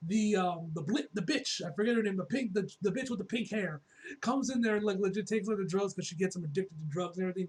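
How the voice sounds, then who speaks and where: A man's voice: sits high, slightly rough. A man reacting to a comic book in casual chat, loose and rambling, heavy on slang and cursing.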